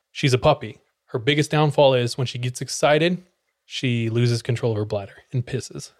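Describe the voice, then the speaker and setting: A young man, a podcast host, telling a funny personal story in casual chat, laughing often and swearing freely. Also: medium pitch.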